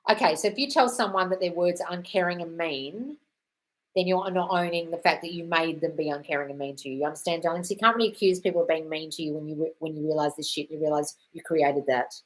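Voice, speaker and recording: A woman's voice: sits low, fast talker. An Australian woman talks straight into her live stream, answering viewer questions as a coach. She is blunt and sweary and keeps calling people darling, and she often reads the comments aloud before she answers them.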